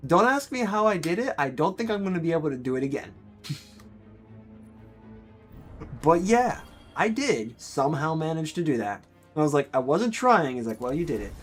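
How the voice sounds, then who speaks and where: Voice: medium pitch, lively intonation, normal speed. A speaker from the United States, rambling in casual chat while streaming a game and laughing often.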